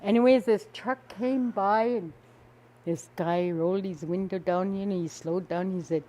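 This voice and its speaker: A woman's voice: mid-range voice, normal speed, dark tone. An older woman from the Northwest Territories of Canada, casually telling a personal story and laughing often as she goes. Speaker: storyteller guest.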